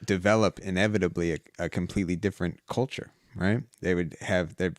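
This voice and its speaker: A man's voice: low voice, fairly even intonation, a little fast, dry recording, studio quality. A man in his twenties, a podcast guest in casual chat, rambling and hesitant. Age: 20s. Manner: rambling, hesitant, many restarts.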